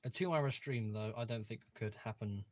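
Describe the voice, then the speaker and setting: In a voice on the low side and at normal speed, a young man chats casually while hosting a livestream from his home. He rambles eagerly, his speech full of fillers and restarts.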